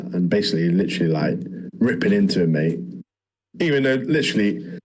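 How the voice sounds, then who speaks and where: Husky low-voiced bloke rambling through a recap, lots of slang. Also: male voice, expressive, brisk, a little mellow. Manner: rambling, slangy, recounts scenes. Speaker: podcast co-host. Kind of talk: casual chat reviewing anime.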